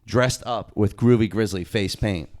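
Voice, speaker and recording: A young man, a podcast co-host and wrestler, telling stories in loose, excited, profane casual chat. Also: lowish voice, unhurried. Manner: loose, excited storytelling full of slang and swearing.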